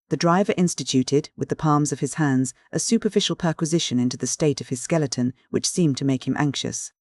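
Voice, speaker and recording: Steady audiobook narrator, dry sound. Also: medium pitch, brisk, few pauses, dry recording.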